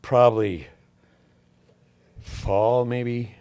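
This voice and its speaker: An older man, a podcast guest, telling long rambling stories with swearing and frequent throat-clearing. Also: mid-range voice, steady tone, extremely slow, darkish tone. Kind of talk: casual storytelling interview.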